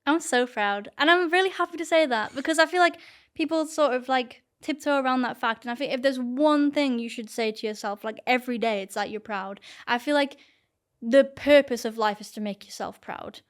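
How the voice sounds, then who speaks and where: A woman's voice: sits high, brisk. A young woman talking casually as an interview guest, chatty and earnest with lots of "like". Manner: chatty, heavy use of "like", earnest. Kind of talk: casual talk to camera.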